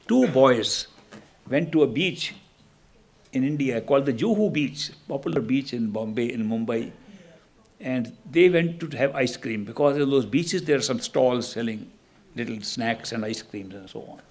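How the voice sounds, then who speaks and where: A man's voice: medium pitch, vocal fry, a little mellow, slightly rough. A man who is a spiritual teacher, giving a reflective talk, telling stories and asking rhetorical questions. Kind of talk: spiritual discourse.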